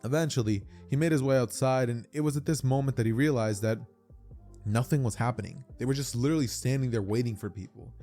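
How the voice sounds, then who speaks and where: A man's voice: medium pitch, fast talker, mellow, faint music behind. A man casually retelling a fan-fiction story, chatty and slangy, often restarting his sentences. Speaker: YouTube storyteller.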